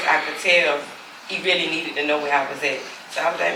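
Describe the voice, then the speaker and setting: A mother speaks candidly in her own gravelly voice, slipping into the voices of the people she spoke to on the phone. The sound is roomy and echoing, picked up from some distance, with steady noise underneath. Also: low-pitched, brisk. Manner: candid, acts out the phone calls with quoted dialogue. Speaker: mother telling her story. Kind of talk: personal testimony for a documentary. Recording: echoey room, distant mic, background noise.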